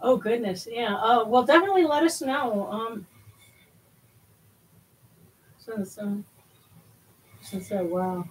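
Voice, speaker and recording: A woman's voice: a little high, lively intonation, a little slow, slight background noise. A woman hosts a spiritual livestream in casual, rambling chat, a little out of breath. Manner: rambling, with many fillers and restarts.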